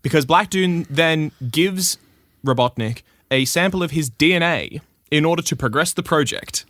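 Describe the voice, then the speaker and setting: A man's voice: a little high, normal speed, a bit bright, dry recording. Man reading lore with crude asides. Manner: crude, swears freely, reads script with asides. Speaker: podcast host presenting lore. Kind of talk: casual podcast chat reading a script.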